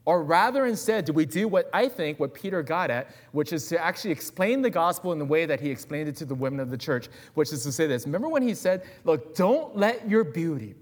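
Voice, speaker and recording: A man's voice: fairly high pitch, fast, hardly any pauses. Guest preacher, male, chatty pulpit style with asides, voice rising and falling a lot. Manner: animated and conversational, with personal asides. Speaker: guest pastor. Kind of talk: sermon.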